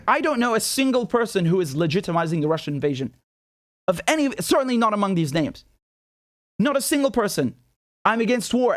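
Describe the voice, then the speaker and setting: A man's voice: high-pitched, dry recording, studio quality. A man from Britain hosting his own commentary show, speaking in an incredulous, sarcastic manner with many repeated rhetorical questions. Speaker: independent journalist and show host. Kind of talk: commentary monologue to camera.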